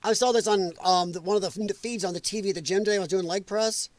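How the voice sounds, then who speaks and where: Male live-show host, high-pitched, heated and profane, dry close sound. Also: quick pace, no room sound. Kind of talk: ranting live commentary.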